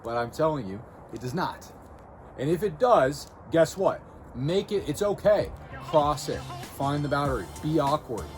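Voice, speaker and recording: With a fairly high pitch, lively intonation, and a moderate pace, a man hosts a self-improvement video and speaks casually to camera. He coaches bluntly and directly, often adding "okay?" and "right?", while music plays clearly behind him.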